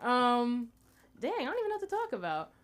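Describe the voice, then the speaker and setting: Young american woman doing open mic standup, rambly, voice bouncing all over, kinda high. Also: huge pitch swings, a little fast. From United States. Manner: chatty, rambling, lots of fillers. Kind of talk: stand-up comedy.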